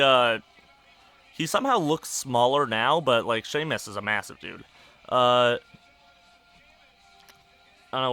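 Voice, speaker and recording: A young man hosting a podcast, rambling casually in a monotone with many fillers while sounding stressed. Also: medium pitch, clear, resonant tone. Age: young adult. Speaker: podcast host. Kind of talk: casual personal rambling over a wrestling match.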